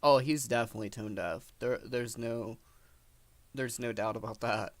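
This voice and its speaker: A man's voice: medium pitch, fairly even intonation, moderate pace, dry recording. A man giving casual commentary, chatty and filling his talk with "like". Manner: chatty, fills with "like". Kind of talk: casual commentary over clips.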